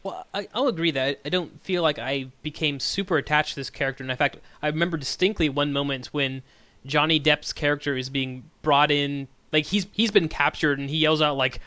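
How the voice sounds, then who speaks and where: Bright-voiced man rambling about a film. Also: on the high side, fairly quick, smooth, no echo. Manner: rambling, restarts often, animated retellings. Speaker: podcast co-host. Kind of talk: casual film review chat.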